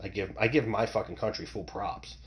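A man's voice: fairly low pitch, steady tone, a little fast. A middle-aged man from the United States hosting a solo podcast, ranting in a heated, profane way with many restarts and repeated words. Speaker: podcast host. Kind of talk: opinionated solo podcast rant.

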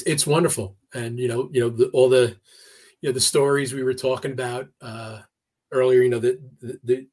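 A man being interviewed on a podcast, telling a personal story in a casual, halting way with many fillers and restarts. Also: medium pitch. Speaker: podcast guest. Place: New York area.

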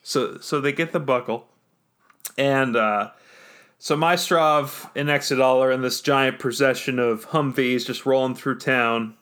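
A man's voice: medium pitch, fairly even intonation, unhurried, fairly bright tone, smooth. A man narrating a tabletop role-playing session as game master, rambling with many fillers. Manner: rambling, full of fillers and restarts.

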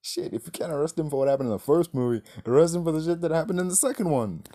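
A man's voice: fairly high pitch, expressive, racing, warm tone. A man reviewing a movie in a casual rant, exasperated, swearing and firing off rhetorical questions.

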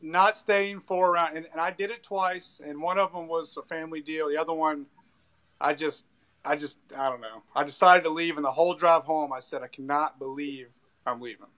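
A man's voice: fairly high pitch, steady tone, a little fast, fairly bright tone. A man, a guest angler, speaking candidly and owning up to his own faults. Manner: candid, self-deprecating. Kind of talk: casual podcast chat.

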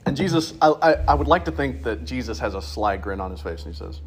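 A man teaching a casual Bible class in a church classroom, joking and animated, his voice jumping high when he makes a point. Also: fast, few pauses, a little hiss or hum.

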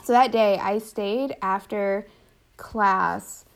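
A woman's voice: medium pitch, steady tone, takes it slowly, creaky. Chatty young woman recounting a story. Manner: chatty, many fillers, laughs often. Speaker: older sister telling her story. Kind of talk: casual conversation.

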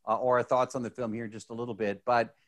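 A man co-hosts a casual podcast, his voice at a middle pitch. He rambles and restarts often. His excitement runs through the chat. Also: quick pace. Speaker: podcast co-host.

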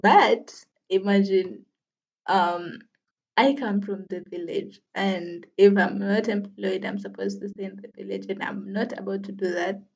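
A woman's voice: mid-range voice, fairly even intonation, a little slow, creaky, lo-fi sound. A woman in her twenties hosting her own podcast in casual solo chat, laughing often and poking fun at herself. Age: 20s. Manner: chatty, laughs often, self-deprecating. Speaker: podcast host.

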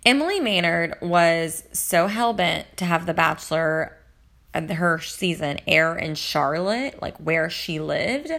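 A woman with a lowish voice and a lot of vocal fry, talking in casual chat. She rambles on about reality TV in a gossipy tone. Her talk is full of fillers. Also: animated, slow pace, a bit bright. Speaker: reality TV commentator.

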